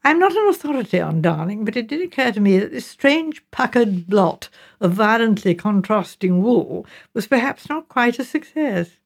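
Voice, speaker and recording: A woman reading an audiobook narration in a crisp, measured storytelling manner. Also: fairly high pitch, sing-song.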